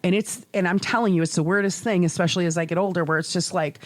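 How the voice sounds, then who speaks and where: Swearing, animated middle-aged woman host. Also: lowish voice, quick pace, no echo. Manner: animated, swearing, laughing storyteller. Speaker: podcast co-host. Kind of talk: casual chat.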